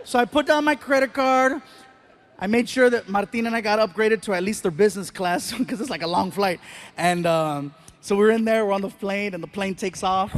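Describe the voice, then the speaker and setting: A man doing stand-up comedy on a big live stage, telling a story with animated delivery and acting out voices, shouting punchlines. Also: sits high. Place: large live venue with audience.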